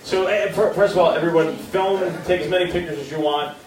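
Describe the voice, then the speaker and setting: Brisk man moderating a live event. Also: on the high side, fairly even intonation, a crowd in the background. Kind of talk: casual live hosting. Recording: roomy, distant mic.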